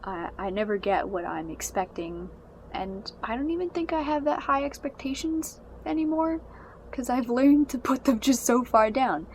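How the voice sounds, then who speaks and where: A woman's voice: on the high side, lively intonation, normal speed, slight background noise. A young woman giving a casual, exasperated spoken review of a book and its movie adaptation. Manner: exasperated, ranting.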